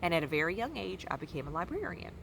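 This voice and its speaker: A woman's voice: fairly low pitch, big pitch swings, creaky, noisy background. A woman doing an old librarian lady. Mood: reminiscing. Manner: drawn-out storytelling with repeated "yes, ma'am". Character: elderly Southern woman librarian, gentle and talkative. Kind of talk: children's book read-aloud.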